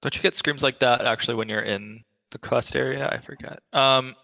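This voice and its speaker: A man co-hosting a casual discussion, excitable and jokey, swearing casually. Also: mid-range voice, a little fast, vocal fry, long reverb tail. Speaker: podcast co-host.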